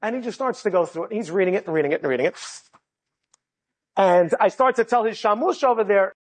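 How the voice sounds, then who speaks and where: A man's voice: high-pitched, expressive, fast. A man telling a personal story to an audience with humor and energy, laughing often. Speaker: inspirational speaker.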